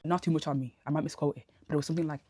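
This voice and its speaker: A woman giving a casual spoken TV review into a phone camera, ranting in an animated, exasperated way full of slang. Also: low-pitched, racing, husky. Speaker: TV review vlogger. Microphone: phone camera held close.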